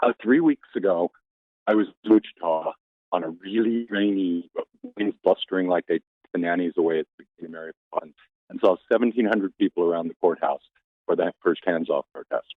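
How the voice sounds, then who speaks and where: A man calling into a radio show, singing slowly to the host, then telling a story. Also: sits low, no room sound. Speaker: caller. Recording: phone line.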